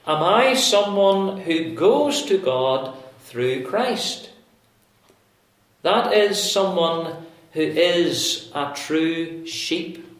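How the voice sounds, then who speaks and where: A man preaching a sermon, explaining scripture in a slow, deliberate way with emphatic pauses. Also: high-pitched. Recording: very echoey room.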